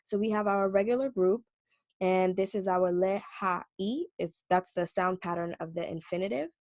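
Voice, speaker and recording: A woman teaching an online language lesson, explaining clearly and patiently and drawing out example words slowly. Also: medium pitch, a little mellow, no room sound. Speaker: Hebrew teacher.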